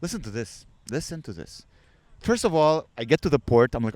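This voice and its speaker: A man's voice: a little fast, dry recording. A young man on a comedy podcast, animatedly telling a travel story and acting out the people in it. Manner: animated, acts out quoted people with high voices. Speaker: podcast co-host.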